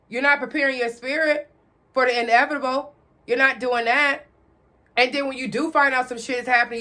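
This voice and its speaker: A woman's voice: high-pitched, pushed and bright. Blunt, profane woman lecturing. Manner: repeats questions for emphasis. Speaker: vlogger. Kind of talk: direct-to-camera rant.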